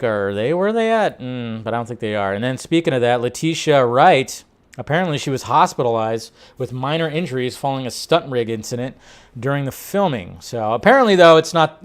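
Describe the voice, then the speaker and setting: A man's voice: mid-range voice, clear, resonant tone. A man hosting a casual film news show, chatting loosely and breaking into bursts of disbelief. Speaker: host.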